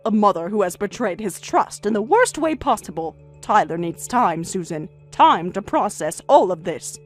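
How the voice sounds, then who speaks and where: Woman reading a steady, firm older grandmother. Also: mid-range voice, normal speed, faint music behind. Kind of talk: story narration with dialogue.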